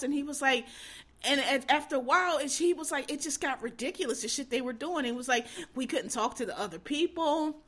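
Female commentator, bright and fairly high, loose profane storytelling. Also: brisk. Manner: animated, profane storytelling with acted-out quotes. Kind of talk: casual commentary.

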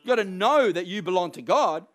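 High-voiced man preaching emphatically. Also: animated, a little fast. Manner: emphatic, rising to forceful peaks, acts out quoted voices. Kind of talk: sermon.

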